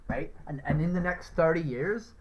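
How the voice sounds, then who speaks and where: A man's voice: on the high side, moderate pace, slight background noise. Man, Irish accent, street activist, emphatic, swearing, keeps asking right, muffled lo-fi audio. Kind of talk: persuasive street conversation.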